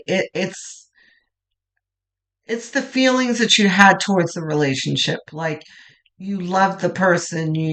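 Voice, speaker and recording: A tarot reader doing a pick-a-card reading, talking in a gentle, reassuring way with frequent restarts and lines that trail off softly. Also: medium pitch.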